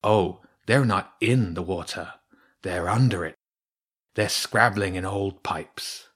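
A man voicing an aloof male cormorant with a smooth voice, speaking slowly and dryly. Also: deep voice, a bit bright, heavily acted. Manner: slow, dry, sarcastic.

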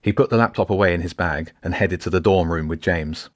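A man reading his own novel aloud as an audiobook, in a measured, steady way. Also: sits low, no room sound, clean studio sound. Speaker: author reading own book. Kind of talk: audiobook narration.

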